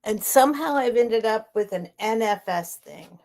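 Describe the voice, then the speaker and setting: A woman's voice: fairly high pitch, animated, moderate pace, a little mellow. Rambling woman hosting a live sale. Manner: rambling, laughing, self-interrupting. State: near tears. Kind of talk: casual live-stream chat.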